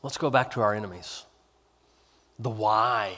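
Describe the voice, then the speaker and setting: A man's voice: on the low side, a little slow, long pauses, bright, forceful tone. A male pastor preaching a sermon in a conversational, emphatic way, drawing out stressed words. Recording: long reverb of a large hall.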